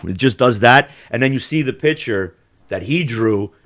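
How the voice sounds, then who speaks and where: A man's voice: medium pitch, animated, normal speed, fairly bright tone, no echo. A man hosting a podcast, talking in heated, profanity-laden rants with big swings in emphasis. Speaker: podcast host. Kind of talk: casual heated chat.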